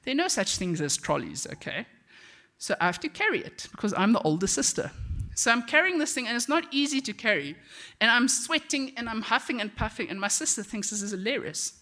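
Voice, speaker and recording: A woman's voice: mid-range voice, big pitch swings, a little fast, sharp tone. A woman giving a conversational devotional talk, telling stories with chatty asides. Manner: chatty storytelling with frequent "okay?" asides. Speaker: devotional speaker.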